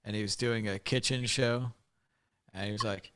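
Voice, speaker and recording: A man's voice: lowish voice, fairly even intonation, moderate pace, a bit bright, a little hiss or hum. An American man hosting a casual chat, joking and telling rambling stories. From United States. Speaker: host.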